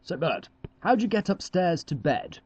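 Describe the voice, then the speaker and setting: A voice actor doing a deep, formal quiz show host. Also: big pitch swings, a little slow, a little mellow, breathy edge, dry recording, lo-fi sound. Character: stiff male quiz show presenter. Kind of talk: amateur cartoon voice acting.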